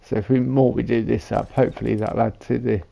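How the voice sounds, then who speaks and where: A man's voice: mid-range voice, level tone, a little fast, vocal fry, mellow. A tired man giving casual commentary on a game he is streaming from home, muttering to himself as he builds. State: tired, yawning.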